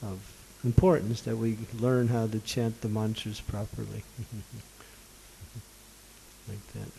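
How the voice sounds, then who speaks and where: A man's voice: lowish voice, flat delivery, takes it slowly, gravelly, dark tone, slight background noise, rough recording. A man acting as a spiritual teacher who answers questions from a gathering, good-humored and laughing often.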